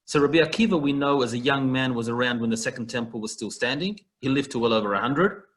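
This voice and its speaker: The speaker is a man teaching a Talmud passage online, coming through a video call. He talks fast at a medium pitch with a fairly bright tone, walking through the text in a relaxed way and drawing on everyday comparisons for the study class.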